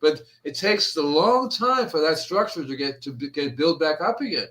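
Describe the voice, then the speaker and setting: A man with a bright, keen voice pitched a little high, hosting a gardening chat. He tells lively stories and acts out what his customers said, in an easy, casual flow. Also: moderate pace. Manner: animated storyteller, acts out quotes. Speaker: gardening show host.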